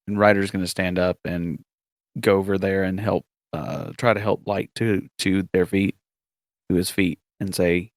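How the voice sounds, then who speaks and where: A male tabletop player describing his moves haltingly, full of fillers. His voice is low and dry. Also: fairly even intonation, dry recording. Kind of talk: tabletop role-play talk.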